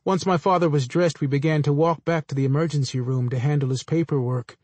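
A man reading a first-person story aloud in a measured, dry storytelling manner. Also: a little high, steady tone, a little mellow, no echo. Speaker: narrator.

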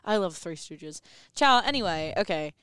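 A woman's voice: on the low side, lively intonation, normal speed, fairly bright tone, clean tone, no room sound. Teenage girl, podcast co-host, laid-back, laughs a lot, trails off, clean dry voice. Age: teens. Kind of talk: casual chat. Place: classroom.

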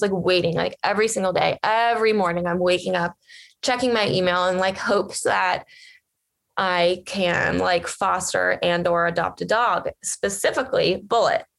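A woman's voice: mid-range voice, vocal fry. A young woman vlogger telling a story to her viewers in a chatty, gushing way, full of fillers. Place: lives in Los Angeles area.

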